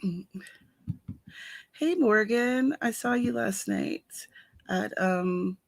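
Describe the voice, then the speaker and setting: A gravelly mid-range voice with drawn-out words and no echo belongs to an author hosting a casual writing livestream. Using headphones with a mic, she chats with viewers, says hello to them by name, and complains that her eye keeps watering.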